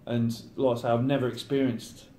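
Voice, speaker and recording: A man's voice: medium pitch, level tone, brisk, dark tone, a little hiss or hum. A thirty-year-old man, a professional footballer, chatting casually in an interview and acting out his teammates' banter. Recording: roomy echo.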